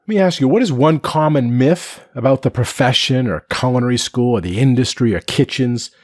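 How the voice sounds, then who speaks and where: A man's voice: medium pitch, fairly quick, dry recording. Dry-sounding male interviewer. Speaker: interviewer host. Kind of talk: interview questions.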